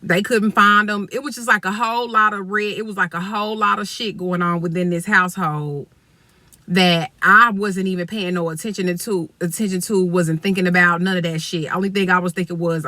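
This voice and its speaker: A woman's voice: on the low side, fairly even intonation, a little fast, bright, forceful tone, dry recording. A woman vlogger telling a story bluntly and emphatically, with heavy swearing and direct asides to viewers. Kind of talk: storytime vlog.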